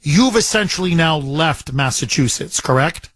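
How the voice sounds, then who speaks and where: Chatty talk radio host, dry studio sound. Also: male voice, fairly high pitch, animated, normal speed, a bit bright, no room sound. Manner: chatty, repeats phrases for emphasis. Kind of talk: talk radio call-in show.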